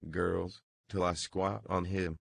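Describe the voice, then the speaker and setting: A man reading an audiobook voices a domineering, savage brothel keeper who bullies and gloats in quick, clipped bursts. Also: deep voice, level tone, vocal fry, no room sound, full character voice.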